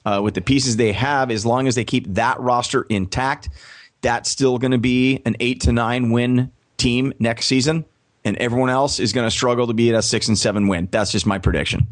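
A man with a mid-range voice, speaking as a guest on a sports radio podcast. He answers at length in a measured, steady way and slows right down when giving his web address. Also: medium pitch. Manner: measured, spells out his website slowly. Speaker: guest, press box announcer and career coach. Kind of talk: podcast interview.

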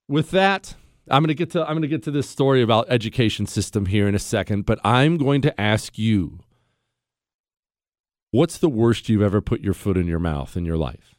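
A man in his forties hosts a radio talk show, his voice jumping between high and low as he acts out a story. The studio sound is close and dry, with no room in it. He quotes other people with playful outrage. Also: dry recording. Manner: animated storytelling, mock-outraged quoting.

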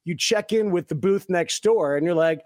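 Male host, slightly high voice, earnest and chatty, dry sound. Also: moderate pace, a little mellow, no echo. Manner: earnest, acts out quotes with shifts in voice. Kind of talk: casual chat.

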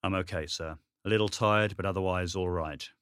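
A man reading an audiobook, voicing an exhausted young male soldier who speaks in a listless, subdued monotone. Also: sits low, normal speed, clear, resonant tone, no echo, studio quality.

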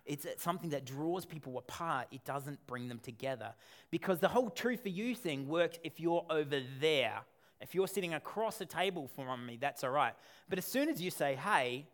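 A man preaching a sermon as a pastor, conversational and animated, with asides and rhetorical questions. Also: medium pitch.

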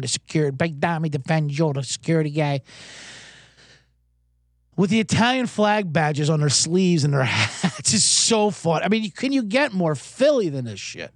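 A man's voice: fairly high pitch, gravelly, no room sound, clean studio sound. A man hosting a comedic sports podcast, talking in a profane, rambling, self-deprecating way. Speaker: podcast host.

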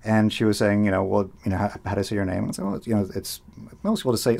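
A man's voice: fairly low pitch, very animated, very fast, vocal fry, a little mellow. A man who hosts public radio, talking in casual conversation and often repeating words as he thinks aloud. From United States. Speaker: public radio host, guest.

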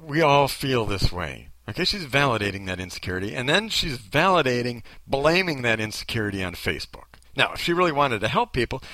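Man, blunt sarcastic video commentator, bright tense tone, dry recording. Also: medium pitch, no echo.

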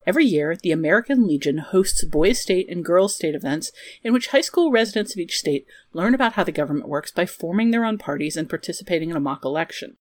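A woman co-hosting a podcast over a video call, reading a measured, scripted film introduction. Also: on the low side, darkish tone, dry recording. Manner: measured, reading prepared notes. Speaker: podcast co-host. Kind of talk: scripted narration.

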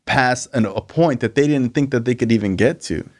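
A man's voice: mid-range voice, moderate pace. A man hosting a casual talk show about recovery, laid-back, with lots of "like" and "you know". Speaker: podcast host.

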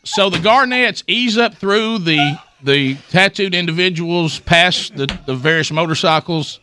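Bright-voiced man telling a funny story. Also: high-pitched, a little slow, a little hiss or hum. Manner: animated, laughing, acts out quoted voices. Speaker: storyteller guest. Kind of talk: comic storytelling in casual chat.

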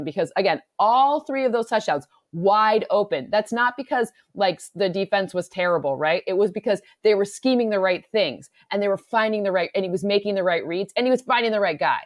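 A woman from Michigan, an analytics expert talking football in a casual podcast chat, fast and rambling with many restarts. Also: medium pitch, no echo, studio quality. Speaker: NFL analytics expert guest.

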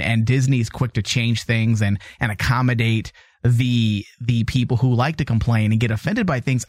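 A man's voice: medium pitch, no room sound. A man co-hosting a casual podcast, talking emphatically and repeating points to stress them. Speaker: podcast co-host.

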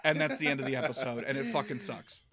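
A man on a podcast, casually and profanely recapping a TV episode with sarcastic jokes and quick quoted lines. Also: mid-range voice, fairly even intonation, a crowd in the background. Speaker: podcast co-host.

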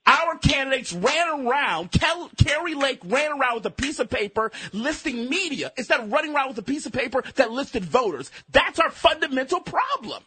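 High, bright husky male debater. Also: animated. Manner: argumentative, halting restarts. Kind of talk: political debate on talk radio.

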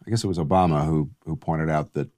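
A man's voice: a bass voice, steady tone, fast, warm tone. A man talking as a guest in a casual conversation, arguing his points emphatically with rhetorical questions.

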